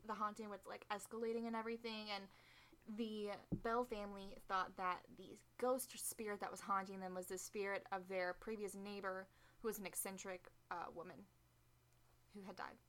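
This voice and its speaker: A woman's voice: medium pitch, little pitch movement, normal speed, fairly bright tone. A woman co-hosting a podcast, casually retelling a history story with joking asides and lots of "um" and "like". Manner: chatty, joking asides, frequent "um" and "like".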